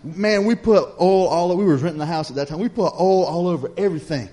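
A man's voice: high voice, fast talker, a little hiss or hum. Folksy preacher man. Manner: folksy storytelling, builds to loud preaching. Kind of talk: sermon.

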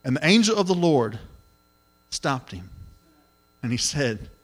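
A middle-aged man preaching a sermon, telling the story in an animated way and acting out the voices. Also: on the high side, a little slow. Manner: animated storytelling, acts out voices, exclamations of hallelujah.

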